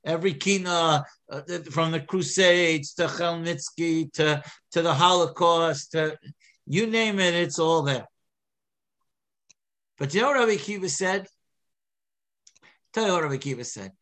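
A man giving an animated Torah lecture, full of restarts and repeated words. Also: fairly high pitch, normal speed, long pauses. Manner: animated, many restarts, mixes Hebrew and English. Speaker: rabbi teaching Torah.

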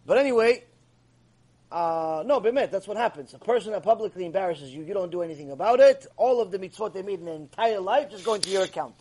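A man giving an animated, emphatic ethics lecture as a Torah teacher. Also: sits high, quick pace.

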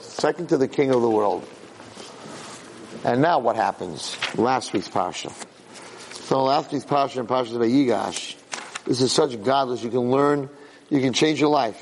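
A man giving an animated Torah class. He repeats phrases for emphasis and mixes Hebrew terms into his English. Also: medium pitch, creaky, long reverb tail, slight background noise, poor audio. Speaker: Torah teacher. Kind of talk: Torah class on the weekly portion.

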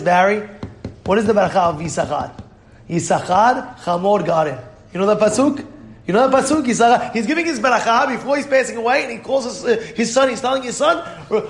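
A man teaching a Torah class as a rabbi, animated and full of rhetorical questions, acting out quotes. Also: high voice, gravelly, roomy sound.

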